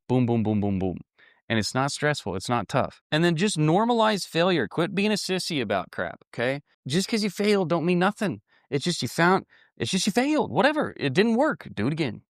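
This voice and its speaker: A man's voice: medium pitch, no echo, studio quality. A man giving a blunt, folksy motivational talk on building an online business, with lots of restarts and repetition.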